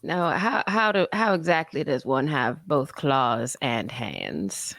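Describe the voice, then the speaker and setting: Playful deep-voiced woman player. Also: sing-song, takes it slowly, a bit bright, no echo. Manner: playful, wry. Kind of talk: casual game chat.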